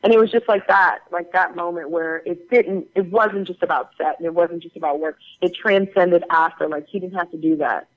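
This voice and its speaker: A woman guest tells stories from her work in an animated, chatty way, full of fillers and restarts. The recording sounds dull and lo-fi, with the top end rolled off. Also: fairly low pitch, brisk, few pauses. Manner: animated, chatty anecdote-telling with many fillers. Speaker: guest actor. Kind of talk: casual interview storytelling.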